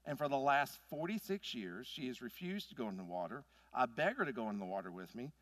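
A man, preaching a sermon in an animated, folksy storytelling manner. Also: medium pitch, brisk, no echo, studio quality. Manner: animated, folksy storytelling with big swings in loudness. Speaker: pastor.

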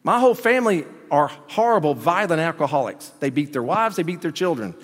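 Animated preacher man in a hall. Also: fairly quick. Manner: animated preaching, swinging between loud emphasis and low asides. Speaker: pastor. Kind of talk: sermon. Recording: long hall reverb.

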